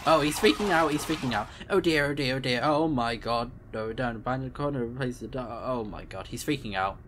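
A man's voice: mid-range voice, fairly quick, background noise. A man hosting a let's play, chatting and reacting with amusement to a game's story. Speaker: gaming channel host.

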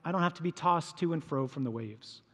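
High-voiced priest preaching in a reverberant hall. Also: male voice, a little fast, a bit bright. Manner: storytelling, acts out voices of disciples. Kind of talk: sermon.

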